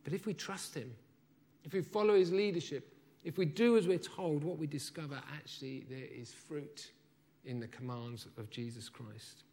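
Male preacher, sermon, somewhat high voice, animated delivery, acts out dialogue. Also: normal speed. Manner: animated storytelling, acts out the disciples' lines.

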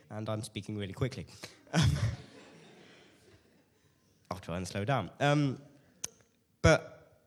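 A man's voice: mid-range voice, long reverb tail. A man in his late teens with a cold, giving a hesitant, self-deprecating personal testimony to a church group. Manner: nervous, self-deprecating, hesitant with many fillers. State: has a cold.

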